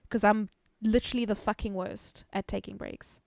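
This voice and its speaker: A woman's voice: mid-range voice, steady tone, moderate pace, gravelly, a little mellow, dry recording. A woman streaming a game live, chatting casually with her viewers, swearing freely and laughing often.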